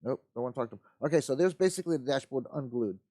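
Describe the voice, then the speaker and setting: A man's voice: medium pitch, expressive, rapid-fire, dark tone, no echo, studio quality. Easygoing man muttering through a build. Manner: rambling, talks to himself while working; easygoing, folksy. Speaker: host of a live model-building show. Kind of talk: casual live build commentary.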